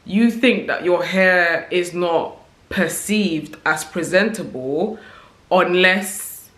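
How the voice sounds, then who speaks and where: A woman's voice: fairly low pitch, slow pace, a bit bright, reverberant. A woman vlogger talking casually to camera, reflective and conversational, often checking in with the listener as she thinks aloud. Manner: reflective, conversational, often tags "right?" and "you know". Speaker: vlogger sharing opinions.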